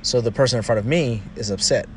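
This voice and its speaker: A man's voice: mid-range voice, quick pace, slight background noise. A man talking through casual advice in a loose, rambling way, often adding "you know" and restarting his sentences.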